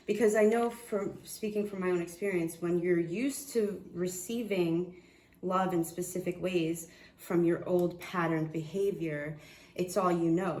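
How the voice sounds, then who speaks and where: Woman doing a tarot reading, gets loud and swears a lot, kinda echoey room. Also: lowish voice, unhurried. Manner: excitable, swears, laughs, trails off and restarts. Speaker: tarot reader.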